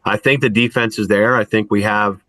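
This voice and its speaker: A middle-aged man coaching college basketball, answering interview questions in a halting way, full of restarts and "I mean". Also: lowish voice, steady tone, fairly bright tone, dry recording. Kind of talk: post-game style interview answers.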